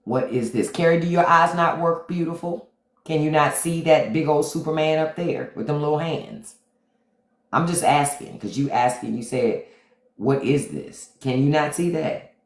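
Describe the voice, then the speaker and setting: A man's voice: on the high side, fairly even intonation, normal speed. A middle-aged man hosting a casual livestream, blunt and profane, greeting his chat by name as he comments. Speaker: livestream host. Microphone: phone. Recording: echoey room.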